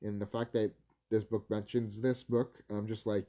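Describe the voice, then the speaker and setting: A man's voice: lowish voice, flat delivery, normal speed, dark tone. A man vlogging casually, rambling and swearing, laughing easily and stumbling over his words. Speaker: video creator.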